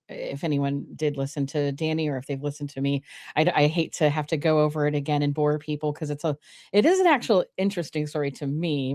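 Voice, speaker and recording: A woman's voice: sits low, a little mellow, no echo. Reflective woman guest, dry close sound. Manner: reflective, searching for words. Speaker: guest, cognitive archaeologist. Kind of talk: casual interview talk. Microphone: own microphone in an online audio space.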